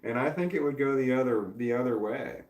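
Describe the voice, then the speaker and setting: A man's voice: mid-range voice, brisk, a little mellow. A middle-aged man from Missouri chatting on a live stream, reading viewer comments and rambling with many restarts in a self-deprecating, droning way. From Missouri, USA. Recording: echoey room.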